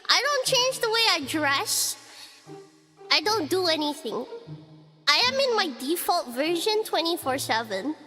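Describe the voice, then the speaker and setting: A young woman streamer telling a story in casual chat, animated and giggly with lots of filler likes. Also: high voice. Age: young adult. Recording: background music under voice.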